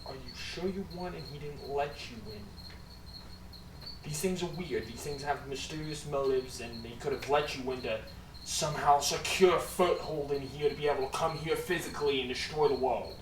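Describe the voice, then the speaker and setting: A man narrating as game master for a tabletop game, talking in an animated way. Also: normal speed. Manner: animated, swings from low to loud. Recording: echoey room, distant mic, background noise.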